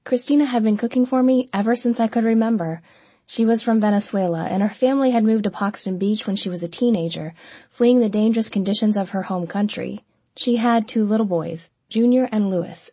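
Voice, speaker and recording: A woman narrating an audiobook in the first person, with an even, measured reading and close miking. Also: mid-range voice, breathy edge, no echo.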